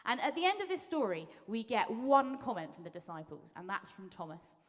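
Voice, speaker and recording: A woman preaching to a congregation in a church hall, chatty and animated as she retells a story. Her voice sits in a middling register. A long reverb trails after her words. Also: medium pitch, fairly quick. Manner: lively storytelling, acting out quotes in voices. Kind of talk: conversational sermon.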